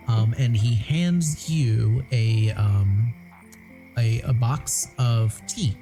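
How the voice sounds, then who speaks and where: Slow, mellow-voiced woman game master. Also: rumbling low, soft background music, low-quality recording. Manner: slow, laid-back narration with frequent ums and laughs. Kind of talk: narrating a tabletop game.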